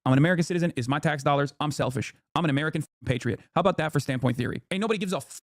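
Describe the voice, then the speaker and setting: A male political streamer ranting in combative, profane bursts at a breakneck clip. His voice sits high for a man, and the sound is close and dry. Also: rapid-fire, no room sound. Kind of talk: heated stream commentary.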